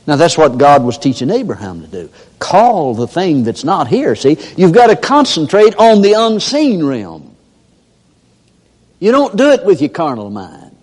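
A man's voice: a little high, wildly swooping pitch, unhurried, a little mellow. An older man preaching a sermon in a folksy storytelling manner, acting out everyday characters. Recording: long hall reverb.

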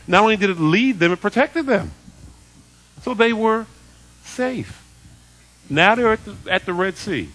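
A man preaching a sermon in an animated way, laughing often and acting out quoted voices. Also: sits high.

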